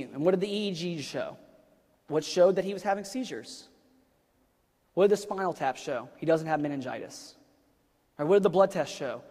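A man's voice: fairly high pitch, darkish tone. A man in his thirties preaching a sermon, telling a personal story in a casual, conversational way with rhetorical questions and fillers. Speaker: pastor. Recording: long reverb of a large hall.

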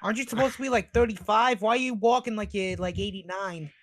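A man's voice: sits high, steady tone, quick pace. A man on a casual podcast, telling rambling stories full of fillers. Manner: rambling, filler-heavy storytelling. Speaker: podcast guest.

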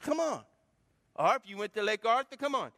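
Here the preacher's voice is high and sharp, swinging widely in pitch as he moves briskly through the sermon. He questions the congregation and draws responses back, all inside a church with long hall reverb.

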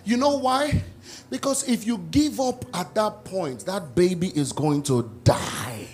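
A high-voiced pastor preaches with wild swings in pitch, rising to shouts and dropping low to act out quotes. Faint music plays under him in the church. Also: male voice, normal speed. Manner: animated preaching, shouting peaks, acted-out quotes. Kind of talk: sermon. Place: church service.

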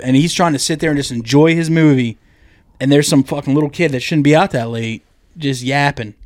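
Profane rambling storyteller man, higher voice. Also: a little fast, dry recording. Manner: profane, rambling storyteller who acts out the people in his stories. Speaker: podcast co-host. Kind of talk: casual comedy podcast chat.

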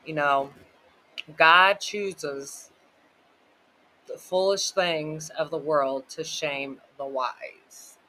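A man's voice: a little high, steady tone, extremely slow, pauses often, pushed and bright, rough recording. A man hosting a podcast, talking casually about faith in a loose, rambling way full of "like" and "you know". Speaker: podcast host.

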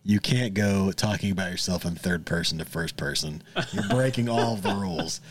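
A man's voice: low voice, moderate pace, very noisy. A man playing in a tabletop game, joking and bantering with the game master. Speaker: player. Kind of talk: casual tabletop play.

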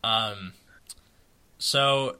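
Bright-voiced American man rambling. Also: lowish voice, extremely slow, clear, resonant tone. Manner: rambling, many fillers and restarts. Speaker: podcast co-host. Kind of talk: casual chat about a card game.

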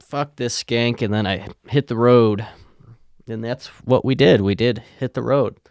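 A young man hosting a podcast who tells rambling, swear-laden stories in a flat, deadpan way. His voice is smooth and resonant. The sound is dry and close to the mic. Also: mid-range voice, normal speed, dry recording. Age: young adult. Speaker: podcast host. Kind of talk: casual storytelling.

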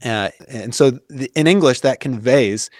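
A man's voice: medium pitch, measured pace, no room sound, studio quality. Earnest man explaining at length. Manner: earnest, thoughtful, many fillers and restarts. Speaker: guest. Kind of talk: casual conversational explaining.

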